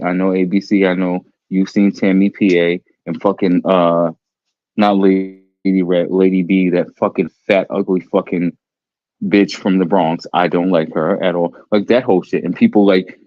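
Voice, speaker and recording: A man's voice: fairly even intonation, moderate pace, darkish tone, no echo. A man with a New York accent, talking in a brash, profane, theatrical way during a casual online chat over Bluetooth headphones. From New York City. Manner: brash, profane and theatrical, with high cackling laughs. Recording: muffled headset audio.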